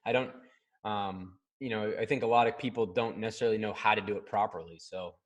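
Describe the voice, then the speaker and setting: A man's voice: fairly low pitch, fairly even intonation, fairly quick. A man hosting a casual chat, easygoing and agreeable, restating points for viewers.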